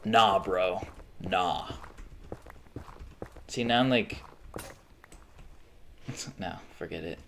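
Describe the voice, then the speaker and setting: A man's voice: deep voice, drawn-out words, pauses often, a bit bright, slight background noise. Profane ranting young man. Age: young adult. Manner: profane, ranting, frequent self-interruptions and restarts. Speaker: livestreamer. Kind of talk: casual livestream rant.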